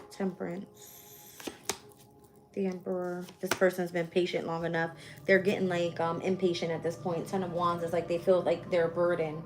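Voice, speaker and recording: A woman with a fairly low voice talks through a tarot reading in a loose, unscripted way. She is blunt and swears freely, thinking aloud as she names each card she turns. Cards shuffle and click softly behind her over a faint hiss. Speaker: tarot reader. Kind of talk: casual live-stream tarot reading.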